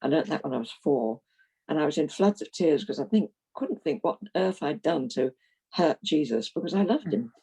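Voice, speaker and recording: In a reminiscing interview, a retired minister from London in her eighties talks openly about her past, chatting freely and laughing through her stories. She has a low, mellow, slightly rough voice with vocal fry, animated and at normal speed, captured in poor audio.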